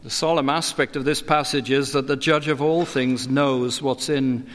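A middle-aged man preaching a sermon, earnest and expository, his pitch climbing when he presses a point. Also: fairly even intonation, moderate pace. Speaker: pastor. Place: church. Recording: long church reverb.

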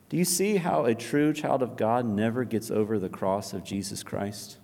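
A man preaching a sermon in a large church, building to loud, high climaxes and falling to near whispers. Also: normal speed. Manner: impassioned, swelling loud and high then dropping to a near whisper. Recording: long reverb of a large hall.

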